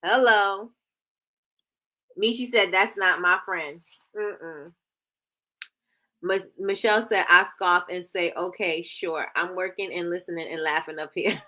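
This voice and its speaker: Woman host, bright tone, sassy and playful, reading chat comments live. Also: mid-range voice. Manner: animated, laughing, playful sass. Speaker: livestream host.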